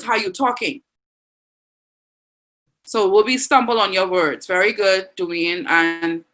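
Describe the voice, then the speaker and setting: A woman teacher with a Bahamian accent, leading an online class and warmly reading out and praising students' answers. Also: medium pitch, rough recording. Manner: encouraging, reads students' answers aloud with frequent praise.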